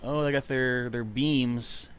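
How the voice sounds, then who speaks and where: A man giving live gameplay commentary, excitable and chatty, reading out viewer comments. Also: mid-range voice, slow, slight background noise. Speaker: streamer playing a video game.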